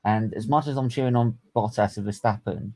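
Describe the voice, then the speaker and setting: A man hosting a casual stream chat, excitable and quick to laugh. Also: on the low side, vocal fry, rough recording. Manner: excitable, laughs a lot, shouts when retelling. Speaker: stream host.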